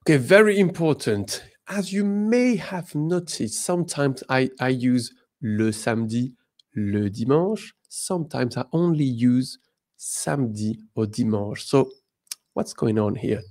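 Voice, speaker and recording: A man from France with a French accent teaching an online lesson, upbeat and encouraging, saying his examples slowly and carefully. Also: mid-range voice, lively intonation, a little mellow.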